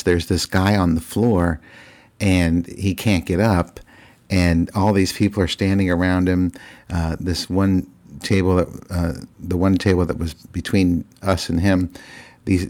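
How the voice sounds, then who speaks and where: A man's voice: deep voice, darkish tone. A man telling a rambling, casual story to his viewers, with lots of fillers and restarts and chuckling at his own tale. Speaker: vlogger.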